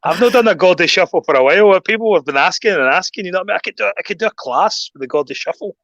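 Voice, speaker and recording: A Scottish man chatting on a podcast as a guest, telling animated stories and acting out quotes. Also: high voice, racing, no echo, highs cut off. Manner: animated storyteller, acts out quotes. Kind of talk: casual podcast chat.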